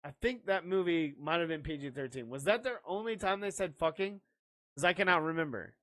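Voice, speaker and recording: A man's voice: on the high side, brisk, fairly bright tone, no echo. A man co-hosting a podcast, chatting casually in a rambling, laughing, profane way. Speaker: podcast co-host.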